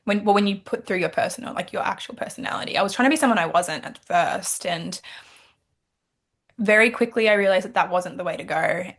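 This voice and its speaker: A young woman from Australia, a pageant titleholder, chatting in an interview and telling her story with lively quoted thoughts. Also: medium pitch, fairly quick. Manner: animated storytelling, quoting her own thoughts. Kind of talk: casual interview chat.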